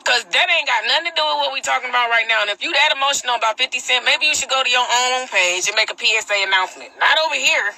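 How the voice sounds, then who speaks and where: A woman's voice: high voice, fast talker, hardly any pauses, sharp tone, poor audio. A woman hosting her own phone livestream, ranting bluntly in slangy casual talk and answering viewer comments. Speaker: livestream host.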